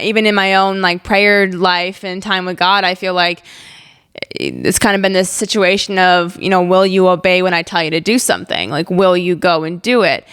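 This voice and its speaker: A woman's voice: lowish voice, clean tone. A young woman in her twenties hosting a podcast, telling a personal story in a candid, chatty way with lots of "like"s. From Ozarks, USA. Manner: chatty, many "like"s, candid and expressive. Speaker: podcast host.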